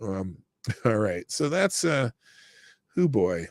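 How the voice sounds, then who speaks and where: A middle-aged man hosting a live-stream news commentary show, reading stories and chat with sarcasm and breaking into shouted rants. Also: on the low side, big pitch swings, slow pace, dry recording, clean studio sound.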